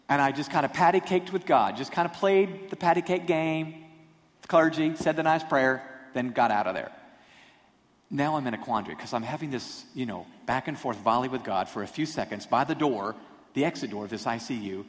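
A man preaches in a lively storytelling style, poking fun at himself. His mid-range voice carries a long reverb, as if he were in a large hall. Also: mid-range voice, a little fast. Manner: animated, self-deprecating humor. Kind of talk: storytelling sermon.

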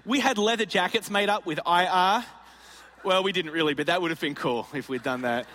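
A man preaches in a sermon, spinning a comic story and playfully acting out its people. His voice sits high and bright. It rings with the long reverb of a large hall. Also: a little fast. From Australia. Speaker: pastor. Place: large auditorium.

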